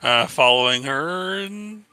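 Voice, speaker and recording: Guy describing what his character does in a tabletop game, laid back, really bright voice. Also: on the high side, slow pace, clean tone, dry recording, faint music behind. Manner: relaxed, thinking aloud with fillers. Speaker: player.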